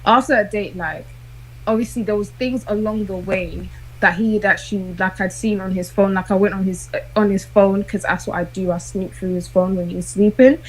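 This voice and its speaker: A woman's voice: mid-range voice, fairly even intonation, brisk, breathy edge, rough recording. A young woman telling a personal dating story in casual chat, hesitant and full of fillers. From South London. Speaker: guest.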